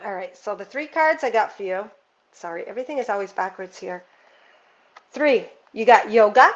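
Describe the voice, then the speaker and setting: A woman's voice: a little high, lo-fi sound. A woman giving a casual, earnest spiritual card reading, talking straight to one viewer in an intuitive way.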